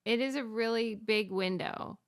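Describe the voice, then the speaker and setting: A woman's voice: fairly high pitch, normal speed. A woman co-hosting a podcast in casual chat, amused and reassuring. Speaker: podcast co-host.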